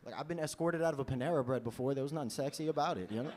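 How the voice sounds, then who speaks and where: A mid-range, rapid-fire male voice belongs to a stand-up comedian from New York, in his 20s. He's on a comedy club stage, delivering a lively, loose, conversational set where he laughs at his jokes and keeps saying "you know?".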